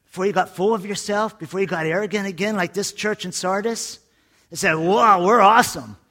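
A man's voice: sits high, brisk. A man preaching a sermon to his congregation, telling jokes and stories and repeating his points emphatically. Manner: lively storytelling preacher with jokes and emphatic repetition. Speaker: pastor.

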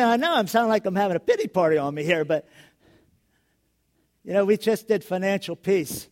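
A middle-aged male pastor giving a sermon, telling stories with frequent chuckles and building to loud, emphatic questions. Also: sits high, expressive, normal speed, long pauses.

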